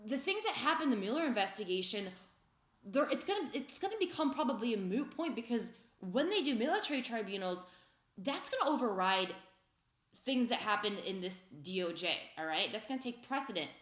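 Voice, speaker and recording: A woman talking straight to her viewers in an upset, heated rant, swinging between loud outbursts and quiet muttering. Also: fairly high pitch, sing-song, brisk, reverberant. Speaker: vlogger. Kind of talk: agitated opinion rant to viewers.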